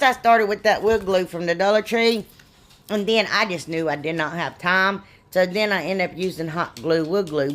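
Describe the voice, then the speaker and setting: A middle-aged woman, rambling and self-deprecating as she explains a craft in a casual tutorial. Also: medium pitch. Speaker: DIY crafts channel host.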